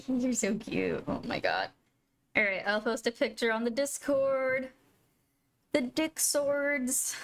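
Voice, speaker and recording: A woman's voice: on the high side, unhurried, slight background noise. A woman live-streaming a video game, chatting casually with viewers and gushing over her pets. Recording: faint music behind.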